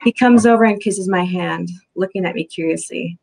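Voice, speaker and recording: A woman reads her own novel aloud in first person, soft and steady. Her voice sits low with a gravelly fry at the ends of phrases. The telling is unhurried and even. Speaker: author reading her novel. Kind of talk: first-person book reading.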